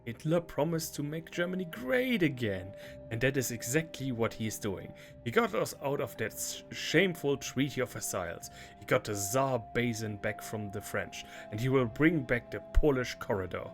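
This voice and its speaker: A man's voice: mid-range voice, animated, normal speed, faint music behind, close to an everyday voice. A man voicing a proud woman who fervently backs the regime, speaking with rising zeal. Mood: zealous. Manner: zealous, rising to fervor.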